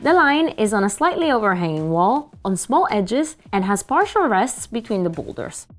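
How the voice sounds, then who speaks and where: Woman co-host, climbing news, animated pitch, light music under. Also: moderate pace. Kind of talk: news show banter and read reports.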